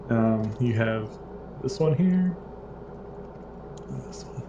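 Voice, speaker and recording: A man's voice: medium pitch, expressive, slow, echoey room, distant mic, dull audio, background noise. Rambling man narrating a tabletop game. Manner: loose and rambling, many fillers. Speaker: game master.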